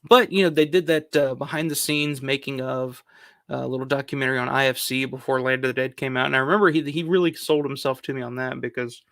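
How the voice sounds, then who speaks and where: A man's voice: mid-range voice, steady tone, quick pace, fairly bright tone, dry recording, clean studio sound. A man hosting a film countdown video, talking casually and rambling with lots of fillers and the odd swear word. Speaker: film review channel host.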